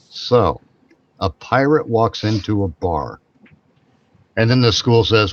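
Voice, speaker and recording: A man's voice: medium pitch, lively intonation, a little slow, highs cut off, a little hiss or hum. A man co-hosting a podcast in casual chat, rambling, repeating and restarting his phrases as he goes. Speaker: podcast co-host.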